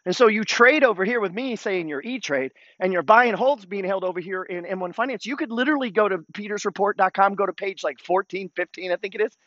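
A man with a high-pitched voice talks about investing in a blunt, coach-like way, swearing freely and pushing listeners to act. The sound is dull and dry, with no room echo. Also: fast, hardly any pauses, fairly bright tone. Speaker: host. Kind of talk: casual investing talk.

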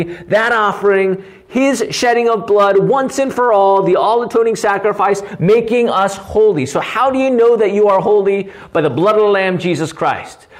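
High-voiced man preaching, earnest and animated. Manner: earnest, animated, often asks "right?". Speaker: pastor. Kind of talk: teaching sermon.

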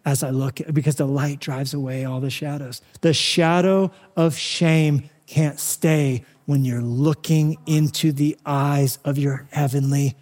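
A fairly high-voiced man preaching a passionate sermon. He hammers phrases through repetition and drops from loud to hushed. His words trail off into the long reverb of a big church. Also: fairly even intonation, measured pace, hardly any pauses. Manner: fervent, repeats phrases for emphasis, swings from loud to hushed. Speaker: pastor. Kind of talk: impassioned sermon.

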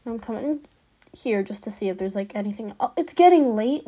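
A woman's voice: mid-range voice, lively intonation, a little fast, mellow, breathy edge. A woman chatting casually as she plays a game, reading its lines aloud and reacting along the way. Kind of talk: gameplay commentary.

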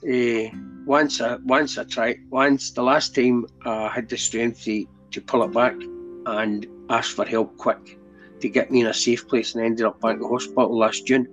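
A middle-aged Scottish man, guesting on a podcast, tells his story in earnest, casual talk, always asking if you know what he means. His medium-pitched, steady voice moves at normal speed, on dull lo-fi audio with faint music.

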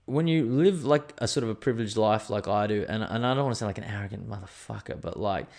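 A man's voice: on the low side, fast talker, vocal fry, darkish tone. An Australian man in his thirties, hosting a podcast in a rambling, crude, self-mocking solo chat full of swearing. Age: 30s. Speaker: podcast host.

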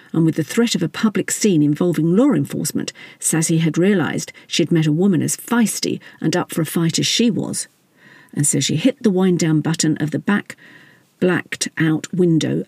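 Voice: medium pitch, warm tone, breathy edge, no echo. A narrator reading a satirical story in a wry, scripted style.

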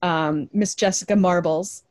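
A woman with a slightly low voice talks as a podcast guest. She recounts things casually, pausing on fillers. The sound is dry and close. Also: no room sound. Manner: relaxed, hesitant with fillers. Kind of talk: casual film chat.

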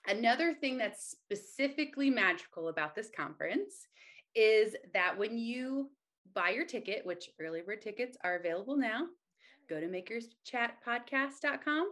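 A woman co-hosting a podcast, excitable and quick, with a self-deprecating humor. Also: on the high side. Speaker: podcast co-host. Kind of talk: casual podcast chat.

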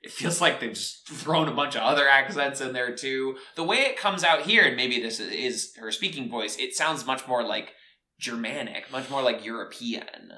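A man's voice: mid-range voice, moderate pace, sharp tone. A man co-hosting a podcast in casual chat, joking with sarcastic asides and some swearing. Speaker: podcast co-host. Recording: roomy echo.

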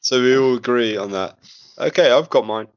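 A man's voice: medium pitch, normal speed, a little hiss or hum. A man hosting a casual, joking podcast chat with friends. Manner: laid-back, jokey, swears. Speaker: podcast host. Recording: dull lo-fi recording.

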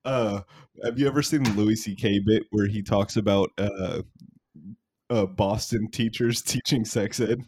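A man's voice: lowish voice, steady tone, a little slow, darkish tone, slightly rough. A man hosting a casual podcast, joking crudely and laughing often. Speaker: podcast host.

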